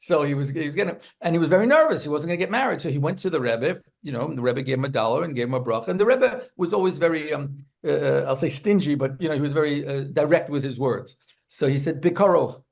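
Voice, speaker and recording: A man who is a rabbi and author, telling lively anecdotes as an interview guest and acting out the people in his stories. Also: fairly high pitch, quick pace, creaky. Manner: animated, acts out characters in his stories.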